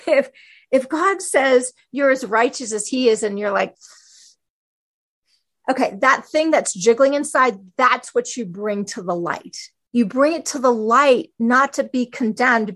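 A woman giving a conversational Bible teaching on a podcast, animated, with fillers and quick asides. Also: on the high side.

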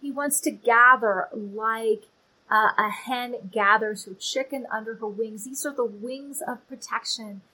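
A woman giving a casual, chatty Bible teaching, animated and playful with asides. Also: a little high, unhurried, husky, poor audio.

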